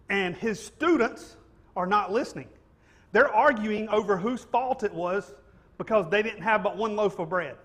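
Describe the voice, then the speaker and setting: A preacher delivering a conversational sermon in a church. His voice sits high for a man, and he keeps it light and jokey, tossing in "right?" to keep the room with him. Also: fairly bright tone. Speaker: pastor. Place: church sanctuary.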